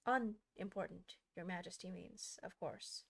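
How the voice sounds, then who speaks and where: A woman voicing a fussy rabbit courtier in a storybook, who speaks low and respectfully. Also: a little slow, vocal fry, husky, exaggerated voice.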